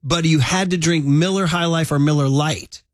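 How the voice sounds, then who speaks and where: A man's voice: fairly high pitch, no echo, studio quality. A man hosting a sports radio show, bantering casually and joking with a co-host. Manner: jokey, laughing, quick asides.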